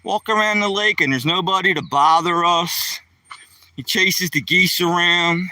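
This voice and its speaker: A man's voice: sits high, fairly even intonation, unhurried, pushed and bright, dry recording, far from the mic. A man livestreaming casually, rambling in a folksy way and chatting to viewers by name. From Pennsylvania. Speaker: livestreaming vlogger. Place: outdoors by a lake, walking a dog.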